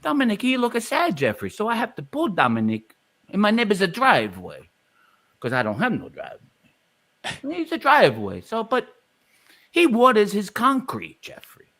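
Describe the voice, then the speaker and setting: A man voicing a boastful, grumbling old Italian man from Brooklyn, gruff and rambling in a put-on Brooklyn accent. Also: sits high, wildly swooping pitch, normal speed, pushed and bright, exaggerated voice. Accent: put-on Brooklyn Italian-American.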